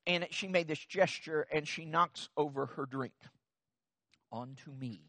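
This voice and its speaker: A man's voice: on the high side, unhurried, pushed and bright, no room sound. A middle-aged man, a pastor, telling a personal story in a sermon in a conversational, self-deprecating way, with frequent restarts.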